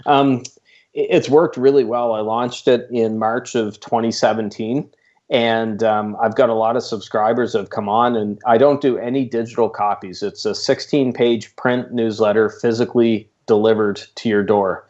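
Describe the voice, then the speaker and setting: A man's voice: lowish voice, fairly even intonation, normal speed, a little mellow. A man with a Canadian accent, chatting as a podcast guest in a self-deprecating way, often restarting his sentences. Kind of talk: casual interview chat. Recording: dull lo-fi sound.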